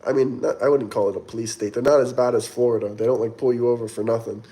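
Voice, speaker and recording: A man talking casually on a livestream, reading out viewer comments and answering them in a loose, rambling way. His voice sits at a middle pitch for a man, easygoing and conversational. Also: fairly even intonation, fast, warm tone. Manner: chatty, rambling, reads viewer comments aloud. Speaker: livestream host reading chat.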